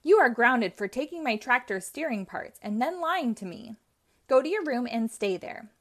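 A woman's voice: a little high, big pitch swings, normal speed. A woman doing a stern, kindly uncle. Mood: raised, emphatic. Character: kindly older uncle, firm when crossed.

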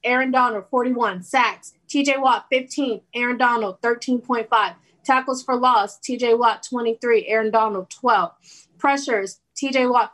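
A woman's voice: a little high, a bit bright, rough recording. Heated, ranting woman in sports chat. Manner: heated, ranting, laughs often. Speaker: podcast co-host.

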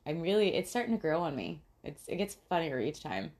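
A woman's voice: deep voice, very animated, a little fast, darkish tone. A young adult woman co-hosting a casual true-crime podcast, chatty and giggly, with lots of fillers and swearing. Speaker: podcast co-host.

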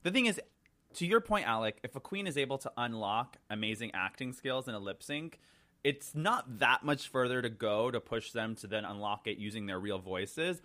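A man in a relaxed chat, talking as a drag queen guest. He dishes critiques with a chatty, playful camp flair, at an ordinary pitch for a man. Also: moderate pace. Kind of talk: casual chat.

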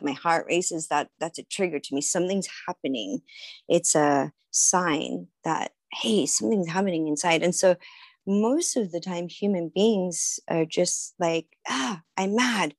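A woman talking in a casual interview, reflective and relaxed, often acting out little inner voices and laughing. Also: fairly low pitch, no echo. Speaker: podcast guest, writer and healer.

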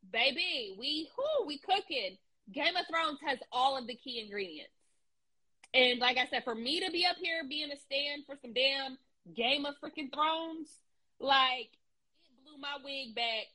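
A woman in casual podcast chat, talking in an animated, slangy, emphatic way. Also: high-pitched, unhurried, poor audio.

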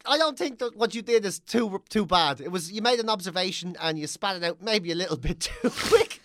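An Irish man co-hosting a podcast, telling stories in a casual, animated and sweary way. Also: high-pitched, a little fast, dry recording. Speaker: podcast co-host. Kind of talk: casual chat, storytelling.

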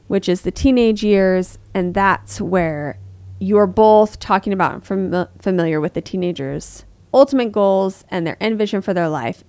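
A woman's voice: medium pitch, a little mellow, no room sound. Chatty woman podcast co-host, dry sound. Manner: chatty, acts out quoted voices. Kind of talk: casual parenting podcast chat.

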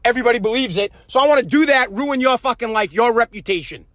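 Man host, heated profane ranter, high pitched. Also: lively intonation, fast talker, fairly bright tone, no room sound, clean studio sound. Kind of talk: angry ranting monologue.

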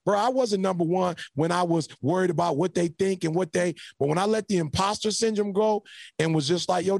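Male motivational guest, high and gravelly, preacher-style build-ups, dry close mic. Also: dry recording. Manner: preacher-like, builds to shouts, laughs often. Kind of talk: animated motivational storytelling.

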